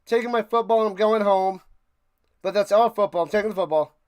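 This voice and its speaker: A man's voice: high voice, brisk, clear, resonant tone, no room sound, lightly acted. A man putting on the voice of a smug star quarterback quitting in a huff, in a mocking, dismissive tone.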